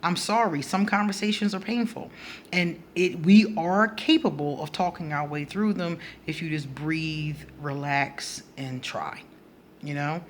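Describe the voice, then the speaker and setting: A woman talking straight to camera in a casual astrology vlog, blunt and animated, breaking into laughter between her points. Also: deep voice, a little slow, slight background noise. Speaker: astrology vlogger.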